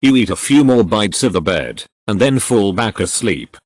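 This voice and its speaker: A man reading funny text-adventure stories aloud with deadpan punchline delivery. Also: fairly low pitch, normal speed, a little hiss or hum. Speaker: narrator.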